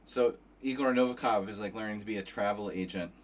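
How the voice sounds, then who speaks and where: Rambling male chess streamer, low-pitched, tired and profane, loose casual talk. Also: brisk. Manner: rambling and profane, many restarts.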